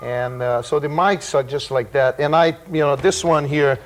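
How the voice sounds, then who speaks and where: Brazilian guy teaching percussion, kinda high voice, rambly, lots of clicky drum noise. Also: steady tone, moderate pace. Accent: Brazilian Portuguese. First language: Portuguese. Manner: loose and rambling, with vocal sound effects. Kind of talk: relaxed demonstration class. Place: room with percussion table.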